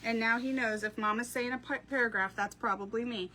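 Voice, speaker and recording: Woman, thirties, slightly high voice, chatty craft live-stream host, laughs a lot. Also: fairly even intonation, brisk, pushed and bright, slight background noise. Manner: chatty storyteller, laughs often, answers viewer comments. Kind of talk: casual live-stream chat.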